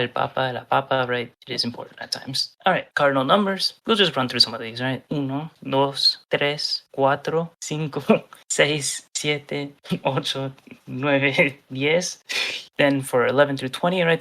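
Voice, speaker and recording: A man's voice: medium pitch, bright, forceful tone. A man giving an informal online lecture as a Spanish teacher, with lots of fillers as he drills letters and sounds.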